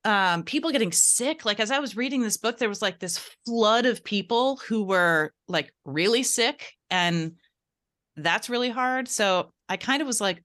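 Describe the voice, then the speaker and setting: A woman's voice: mid-range voice, expressive, moderate pace, a bit bright. A woman on a podcast speaking candidly and hesitantly about a book. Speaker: podcast panelist. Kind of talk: casual podcast book discussion.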